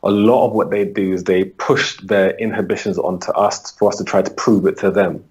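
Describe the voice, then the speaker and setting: A man's voice: low voice, fairly even intonation, darkish tone, slightly rough, muffled recording. A man being interviewed as a holistic coach, patiently explaining his approach and acting out his talks with clients. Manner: acts out client dialogues, brisk and patient. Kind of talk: conversational explanation.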